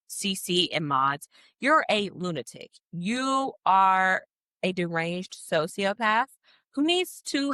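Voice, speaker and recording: With a fairly low pitch and fairly bright tone, and no echo, a woman in her twenties talks into a podcast mic in a studio, on camera. Her casual solo chat is rambling and self-mocking.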